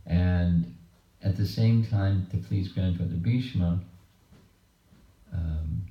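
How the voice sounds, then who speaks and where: A low-voiced man leads a scripture class in a home, unhurried and halting as he tells the story. He sounds distant from the mic, with a roomy echo and a dull, muffled recording. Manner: slow, measured, halting phrasing. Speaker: monk giving a scripture class. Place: home program room.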